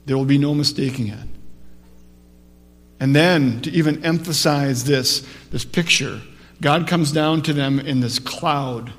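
A man preaching a sermon as pastor, telling the story with lively shifts from soft to emphatic. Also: on the high side, unhurried, in a large hall.

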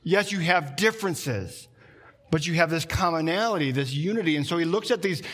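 Fairly high-voiced man preaching conversationally. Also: a bit bright. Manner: conversational preaching, slows down and drops low for emphasis. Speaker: pastor. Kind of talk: sermon.

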